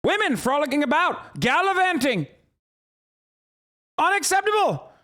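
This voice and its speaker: A man voicing a scandalized old-timey male moralist in a mocking, high, affected transatlantic accent. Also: sing-song, measured pace, sharp tone, heavily acted. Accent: mock transatlantic.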